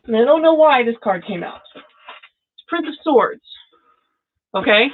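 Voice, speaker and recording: A woman reading tarot cards for viewers on a live stream, excitable and gushing, calling people by name. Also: a little high, a little slow, gravelly, pauses often, breathy edge, phone-quality sound. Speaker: tarot reader.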